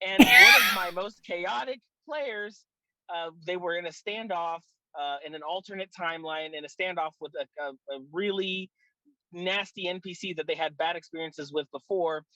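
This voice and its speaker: A man's voice: high voice, moderate pace, dry recording, rough recording. A man, a dungeon master, telling a funny table story in casual chat. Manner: animated, laughing, with restarts.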